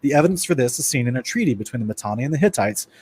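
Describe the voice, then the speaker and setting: Animated and conversational, a man leads a casual Bible study in lecture style, addressing his listeners as "guys." His husky, middle-pitched voice comes out rapid-fire, and he trips over words and restarts while reading from his notes.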